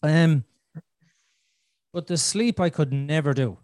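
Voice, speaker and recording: A man's voice: fairly high pitch, takes it slowly, darkish tone, dry recording, studio quality. A man in his thirties hosting a podcast, telling a frank, rambling personal story and swearing freely. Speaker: podcast host. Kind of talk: candid conversational storytelling.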